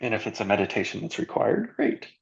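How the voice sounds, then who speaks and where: A man hosting a reflective group conversation, musing aloud and drawing words out when he wants to stress them. His mid-pitched voice carries a gravelly edge, and the call audio sounds a little dull. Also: wildly swooping pitch, fast talker.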